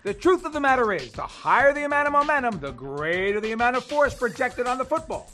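Brief: very high-pitched male host, playful kids' lesson, light music bed. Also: big pitch swings, quick pace, bright, forceful tone. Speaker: kids' show science segment host. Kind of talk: scripted educational narration.

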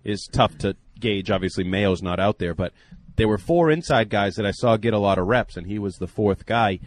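A man's voice: on the low side, moderate pace, a little hiss or hum. A man co-hosting a casual sports radio show, teasing the others and giving football analysis. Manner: joking, teasing banter.

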